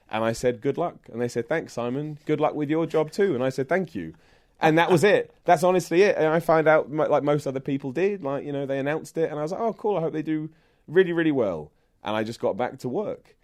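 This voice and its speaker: A man from England with a southern English accent speaks at a medium pitch in a slightly mellow voice. He's a wrestling presenter appearing as a guest in a casual, in-person indoor interview. Self-deprecating and jokey, he pokes fun at himself and laughs often.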